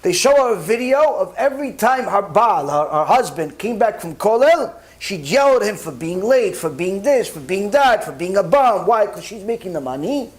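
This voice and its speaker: A man giving a Torah sermon as a rabbi, animated, acting out both sides of conversations and dropping in Hebrew religious terms. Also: high voice, normal speed, hardly any pauses.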